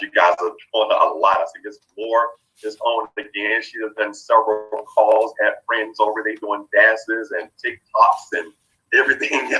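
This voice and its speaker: Deep-voiced man greeting call joiners. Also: pushed and bright, poor audio. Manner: repetitive, upbeat greetings. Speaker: host of a business conference call. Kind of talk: welcoming callers before a live call.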